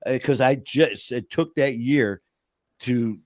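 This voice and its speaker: A man's voice: mid-range voice, takes it slowly, no room sound, clean studio sound. A man in casual podcast talk, earnestly telling a personal story.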